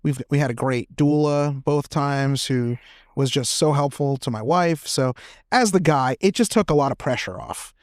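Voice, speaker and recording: Chatty guy on a podcast, laughs a lot, mid pitch, dry close sound. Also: moderate pace, no room sound. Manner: animated, laughs often, lots of fillers like "man" and "you know". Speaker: podcast guest. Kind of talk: casual chat, storytelling.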